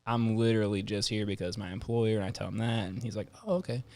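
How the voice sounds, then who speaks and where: Low-voiced man telling a story with animated flair. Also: fast talker. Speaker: podcast host. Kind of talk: casual chat.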